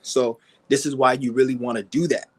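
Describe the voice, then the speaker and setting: A man's voice: fairly even intonation, a little fast, slight background noise. Fired-up man ranting and swearing. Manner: aggressive, mocking, swears constantly; mimics people in high whiny voices. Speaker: vlogger. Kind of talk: profane ranting monologue.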